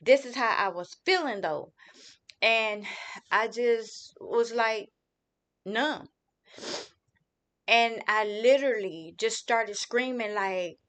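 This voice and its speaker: A woman's voice: fairly high pitch, takes it slowly, pauses often, fairly bright tone. A middle-aged woman giving a heartfelt personal testimony as a grieving mother, talking casually with many "you know" fillers. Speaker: grieving mother telling her story.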